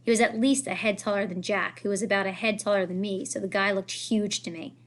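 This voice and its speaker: A woman reads a children's novel aloud in a lively way. She lifts her voice when the characters speak. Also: medium pitch, a little fast. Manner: lively, raises voice for characters' lines. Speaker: reader.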